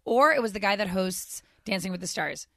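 A woman co-host spins long, wry anecdotes in an easygoing chat. Her voice sits at a middle pitch. The recording is dry and close to the mic. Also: expressive, brisk, gravelly, sharp tone, no room sound. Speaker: podcast co-host. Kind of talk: casual chat.

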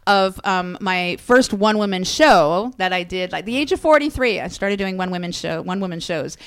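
A woman in her forties telling a story with excited, animated energy in casual chat. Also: on the low side, moderate pace, clean tone.

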